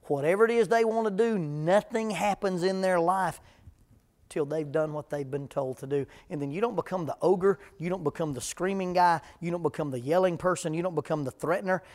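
Folksy preacher, deadpan humor. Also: male voice, high voice, a little fast. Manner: humorous storytelling, deadpan jokes. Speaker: preacher speaking on parenting. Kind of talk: folksy talk to a live audience.

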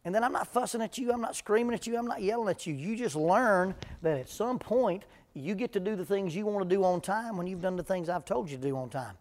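A middle-aged man with a drawl and a voice pitched a bit high speaks as a preacher to a live audience. He tells homespun stories and slips in dry, deadpan jokes. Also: brisk, hardly any pauses. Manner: humorous storytelling, deadpan jokes. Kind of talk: folksy talk to a live audience.

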